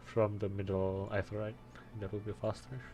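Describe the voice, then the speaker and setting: Male streamer, lowish voice, chatty and self-correcting, soft game music in the background. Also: flat delivery, normal speed. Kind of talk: let's play commentary.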